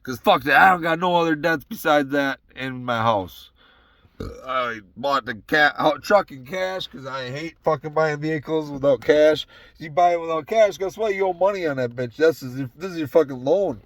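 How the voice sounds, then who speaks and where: A young man with a Southern accent and a tired, sore, raspy voice, hosting a casual solo rant in a truck, profane and heated. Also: a little high, moderate pace, a bit bright, no echo. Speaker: podcast host. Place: inside a parked truck.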